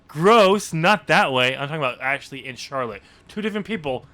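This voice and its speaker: A man's voice: medium pitch, lively intonation, fast talker, bright, forceful tone. A man co-hosting a casual wrestling podcast, dry and laughing often as he steers the talk. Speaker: podcast co-host.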